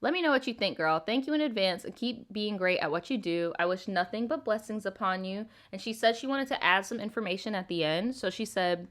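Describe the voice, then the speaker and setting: A young woman hosts a storytime channel, her voice sitting on the low side with a slight brightness. She reads a viewer's letter aloud, frequently stopping to throw in blunt, profane remarks, and laughs often.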